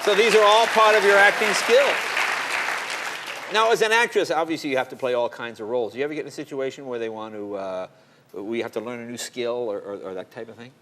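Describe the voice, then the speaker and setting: A man's voice: medium pitch, steady tone, fast talker, a crowd in the background. A man in his fifties hosting a late-night talk show, teasing and joking with his guest, often stumbling and restarting his sentences. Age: 50s. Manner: jokey, teasing, stammering restarts. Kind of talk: late-night interview banter. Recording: live studio audience and room noise behind. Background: studio audience.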